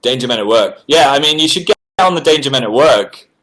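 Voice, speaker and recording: A man hosts a relaxed livestream from indoors, reading viewers' messages aloud and answering each one. His voice sits at an ordinary middle pitch. His delivery is chatty and animated, and it leaps upward when something surprises him. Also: brisk. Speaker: livestream host. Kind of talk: casual livestream chat reading viewer comments. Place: indoors at home.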